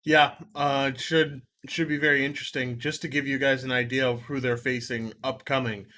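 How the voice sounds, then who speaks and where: A man with a bright, forward voice hosts a casual sports chat. He rattles off game results and laughs easily between points. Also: medium pitch, flat delivery, normal speed, slight background noise. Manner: chatty, laughs often, lists results. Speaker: co-host of a sports betting show.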